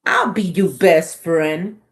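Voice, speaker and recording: A woman's voice: fairly low pitch, takes it slowly. A woman voicing a pushy, childish male pigeon who begs and whines in a storybook read-aloud. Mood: pleading. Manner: wheedling, whiny begging.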